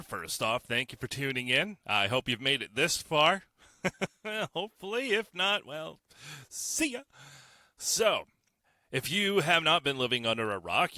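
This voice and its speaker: Brash male podcast host, bright and lively, close dry mic. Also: medium pitch, no echo. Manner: blunt, profane, sarcastic, heated. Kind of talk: solo opinion podcast rant.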